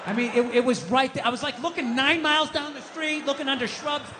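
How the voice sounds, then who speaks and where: A man performing a stand-up comedy routine, ranting and swinging between low mutters and loud shouts. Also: brisk, background noise. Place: comedy stage. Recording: live stage with long reverb and faint ambience.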